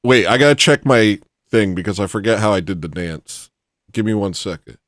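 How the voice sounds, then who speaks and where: A man ranting casually as a comedic livestream host, mumbling asides between louder bursts. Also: lowish voice, expressive, normal speed, dry recording, studio quality. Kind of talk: rambling comedic livestream rant.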